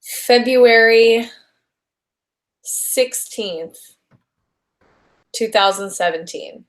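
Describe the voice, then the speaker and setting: A woman's voice: on the high side, very slow. A young adult woman chatting as a guest in a casual interview. She gushes with bubbly enthusiasm and trips over fillers and restarts as she goes. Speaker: voice actress guest.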